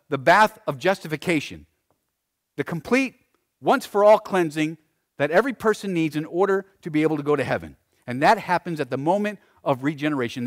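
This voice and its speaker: A man preaching a sermon, swinging between loud emphasis and hushed phrases, often repeating words as he presses a point. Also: on the high side. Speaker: pastor.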